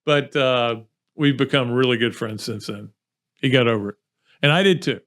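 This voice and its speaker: A man's voice: mid-range voice, brisk, fairly bright tone. A male podcast host with an easy, rambling delivery. He chats with a guest and drifts into self-deprecating stories, talking in a loose, conversational way. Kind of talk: casual chat and storytelling.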